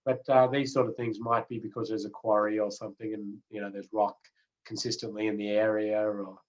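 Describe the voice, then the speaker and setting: A man's voice: lowish voice, brisk. Guy teaching an online course, laid back and chatty, lots of ums, slightly muffled audio. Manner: relaxed, chatty, with many fillers and restarts. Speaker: road safety trainer.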